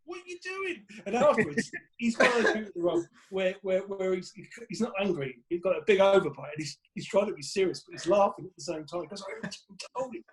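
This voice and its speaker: A middle-aged English comedian, a podcast guest, telling lively stories and acting out voices. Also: male voice, sits high, fairly quick, a crowd in the background. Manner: lively, acts out voices and laughs mid-story. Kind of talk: animated storytelling.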